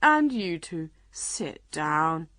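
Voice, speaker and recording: A woman's voice: low-pitched, very animated, extremely slow, a bit bright, dry recording, studio quality, heavily acted. A woman voicing a weary, grumpy male lion from a storybook who speaks tiredly and curtly. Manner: tired and curt.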